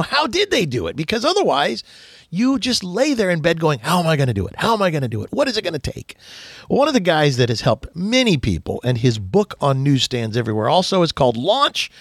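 Animated, gravelly male radio host. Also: on the high side, dry recording, clean studio sound. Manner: animated, rambling, acts out quotes. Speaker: radio talk show host. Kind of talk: casual radio talk.

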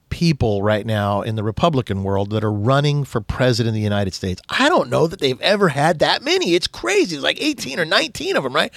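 Brief: male radio host, slightly high, gravelly voice, lively swooping delivery, dry close studio sound. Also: no echo. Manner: animated, rambling, acts out quotes. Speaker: radio talk show host. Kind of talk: casual radio talk.

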